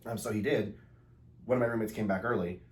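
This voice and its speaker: A man's voice: lowish voice, quick pace, a crowd in the background. A man, a podcast guest, telling personal stories casually and acting out others' voices with frequent laughter. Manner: animated, acts out quoted voices, laughs often. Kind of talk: casual storytelling.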